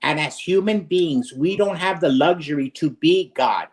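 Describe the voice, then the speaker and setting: A man's voice: fairly high pitch, moderate pace. A man lecturing and arguing in a heated political debate, combative and profane, firing off rhetorical questions.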